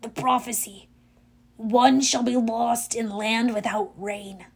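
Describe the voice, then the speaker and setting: A woman voicing an exhausted young male satyr in a storybook reading, speaking quietly and mournfully. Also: a little high, fairly even intonation, takes it slowly, gravelly, slightly rough, full character voice. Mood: miserable. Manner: quiet, hushed, mournful delivery.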